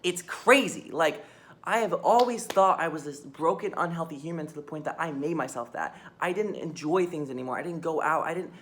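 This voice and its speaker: A woman's voice: sits low, a little fast, a little hiss or hum. A young woman vlogging a raw, rambling confession into her phone, swearing and filling with "like". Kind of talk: candid personal confession to phone camera.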